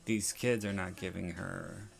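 A man's voice: low voice, steady tone, unhurried, vocal fry. A man hosting a podcast, reviewing a TV episode in rambling, casual, profane chat. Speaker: podcast host.

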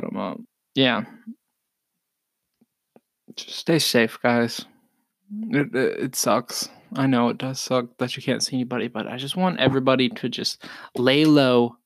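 Man co-host, mid-pitched, off-the-cuff and crude, reading posts aloud in a dry, close recording. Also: steady tone, a little slow, pauses often, dry recording. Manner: loose, profane, jokey, laughs at himself. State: burping between sentences. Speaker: podcast co-host. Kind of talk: casual rambling chat, reading posts aloud.

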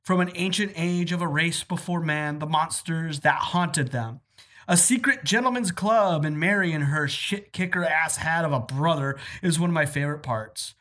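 A woman's voice: sits low, normal speed. A woman co-hosting a casual podcast, reading out listener emails with lots of fillers and laughter. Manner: giggly, animated, lots of fillers.

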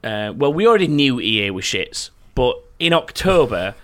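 A man's voice: medium pitch, very animated, moderate pace, fairly bright tone. A man hosting a quiz podcast, reading out questions and scores and often breaking into laughter. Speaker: quizmaster.

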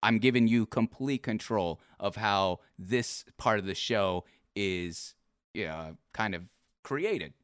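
A man's voice: lowish voice, takes it slowly, dry recording, studio quality. A young man hosting a live-streamed interview show, teasing his guest with laughs before turning earnest. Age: young adult. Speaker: podcast host. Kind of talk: casual livestream interview.

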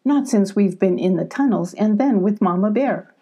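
A woman voicing an excitable young female cat adventurer, chatty and eager, in a storybook reading. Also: mid-range voice, normal speed, close to an everyday voice. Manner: eager, chatty, bright-voiced.

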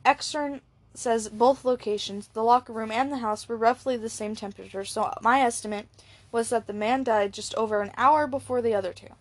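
A woman reading a hoarse grumbling older pathologist. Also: fairly high pitch, fairly even intonation, brisk, dry recording, close to an everyday voice. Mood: explaining. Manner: dry, discontented. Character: hoarse aging male forensic chief, dry and grumbling.

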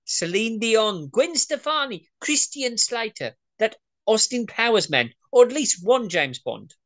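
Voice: mid-range voice, sing-song, measured pace, fairly bright tone, pitched above the performer's own voice. A performer reading a demanding, impatient male boss on a call in a comedy table read, brusque and exasperated.

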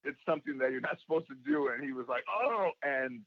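A man with a gravelly voice, a comedian being interviewed, telling stories and acting out what people said. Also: a little high, big pitch swings, brisk, no room sound, lo-fi sound. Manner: storytelling, acts out quoted voices. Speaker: guest, comedian and actor. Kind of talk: casual interview talk.

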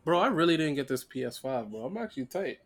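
A man's voice: on the high side, sing-song, quick pace. A man in a casual podcast chat, trading joking, dismissive banter.

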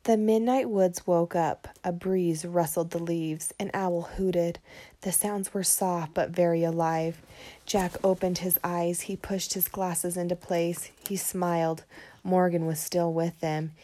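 A woman teacher reading a children's chapter book aloud, gentle and expressive, speaking directly to her young listeners. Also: on the low side, a little slow. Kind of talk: read-aloud storytelling.

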